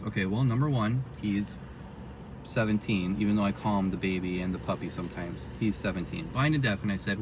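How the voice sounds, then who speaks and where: A man's voice: fairly low pitch, brisk. A man chatting casually while he drives, rambling and poking fun at himself as he records a vlog. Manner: rambling, chatty, self-mocking. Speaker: vlogger. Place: inside a car while driving. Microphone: dash-mounted camera. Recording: distant car mic with road noise.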